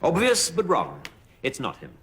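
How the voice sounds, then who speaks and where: An actor playing a sardonic, scheming army captain with a dry, cutting, sarcastic delivery. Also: male voice, on the high side, wildly swooping pitch, moderate pace, fairly bright tone. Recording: TV clip audio with noise.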